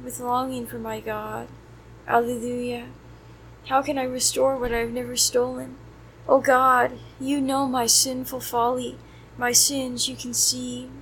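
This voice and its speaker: Woman prayer leader, higher voice, flat steady recitation of psalms, faint hiss behind. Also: low-quality recording. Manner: steady even recitation, softer on closing prayers. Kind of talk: reciting liturgy of the hours.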